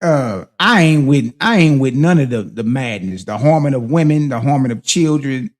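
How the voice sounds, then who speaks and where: A man's voice: mid-range voice, lively intonation, normal speed. A man hosting a casual reading and commentary on a religious book, talking in emphatic street slang and checking in with listeners with a rhetorical "huh?". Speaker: host.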